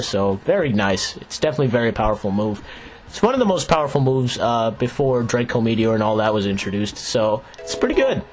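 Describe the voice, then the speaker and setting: Excitable man commenting on gameplay. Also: mid-range voice. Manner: excitable, laughs often, chatty. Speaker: Let's Play host. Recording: game music playing underneath. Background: video game music.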